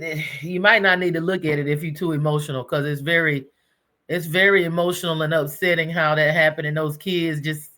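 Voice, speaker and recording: Halting woman reacting to clips, bright tone. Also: sits low. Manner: halting, repeats words. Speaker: reaction video host. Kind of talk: casual commentary.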